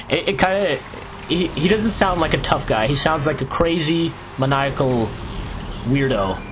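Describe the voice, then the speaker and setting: A man casually commenting on his own video game play, chatty and excitable, laughing often. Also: fairly high pitch, measured pace, noisy background. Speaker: Let's Play host. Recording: game music playing underneath. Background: video game music.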